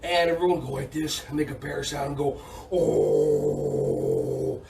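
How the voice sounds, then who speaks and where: A man leading a kids' yoga and karate class, cheerful and encouraging, repeating his praise and sometimes bursting into shouts. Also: on the high side, steady tone, fairly quick, vocal fry, far from the mic, a little hiss or hum. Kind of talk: upbeat kids' class instruction. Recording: echoey room, voice off-mic.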